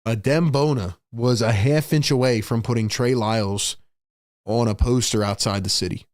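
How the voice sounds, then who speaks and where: A man hosting a live fan stream, calling the game play by play and reacting excitedly while talking to viewers in the chat. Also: medium pitch, moderate pace, no room sound, clean studio sound. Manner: excitable, shouts big plays, chats with viewers. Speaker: livestream host.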